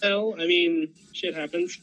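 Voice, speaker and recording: Guy guest on a stream, dry jokes, really lively sing-songy voice. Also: high voice, measured pace, vocal fry, low-quality recording. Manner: dry, self-deprecating humor. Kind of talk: casual chat.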